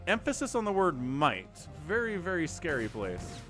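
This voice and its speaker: A man commentating a strategy game live on his stream, chatty and excitable, thanking viewers between plays. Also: fairly high pitch, normal speed, music in the background. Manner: animated, chatty, thanks viewers mid-play.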